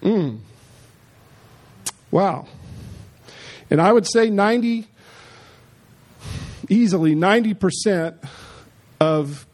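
A man delivers a sermon in a fairly high voice with a warm, mellow tone. He preaches emphatically but conversationally, repeating his points and turning to the congregation with quick asides. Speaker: pastor.

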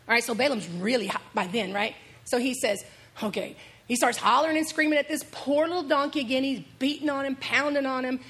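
A middle-aged woman pastor delivers a sermon as lively storytelling, her voice fairly high with a husky, breathy grain. She laughs her way through the tale and talks straight to her congregation.

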